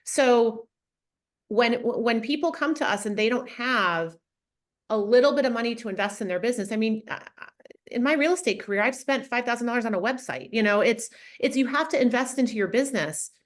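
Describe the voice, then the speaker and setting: A woman's voice: a little high, expressive, brisk. Blunt woman talking frankly. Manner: blunt, frank, many fillers. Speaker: interview guest, funding consultant. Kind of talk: casual interview talk.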